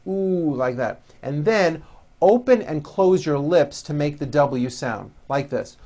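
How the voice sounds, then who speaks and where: A man leads an English pronunciation lesson, modelling each practice word with very slow, exaggerated articulation. His voice sits slightly high for a man. Between the drills he explains how the sounds are formed. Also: lively intonation, darkish tone. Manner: very slow, carefully over-articulated drill words, quicker explanations.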